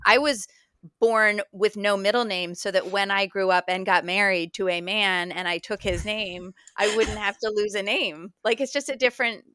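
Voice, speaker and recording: A woman hosts a casual podcast chat, tossing in quick asides and plenty of filler words. Her voice is bright and crisp. It sits close and dry on the mic. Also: mid-range voice, dry recording. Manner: chatty, quick asides and frequent "like". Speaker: podcast host.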